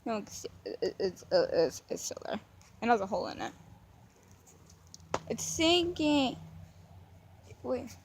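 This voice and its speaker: A woman's voice: mid-range voice, big pitch swings, brisk, gravelly, a little mellow, slight background noise. A young woman rambling in a goofy, mock-dramatic way while filming her dog outdoors. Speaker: vlogger. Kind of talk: casual rambling vlog commentary.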